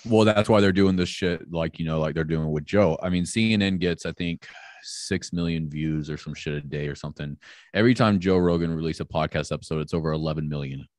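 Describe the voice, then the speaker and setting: A man's voice: rumbling low, brisk, a little mellow, no echo, clean studio sound. A man on a casual podcast, talking in a blunt, profane, ranting way. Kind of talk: casual heated podcast chat.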